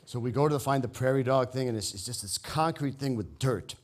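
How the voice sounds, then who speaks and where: On stage and live, an older man with a medium-pitched voice tells a funny personal story, wry and halting, frequently restarting his sentences.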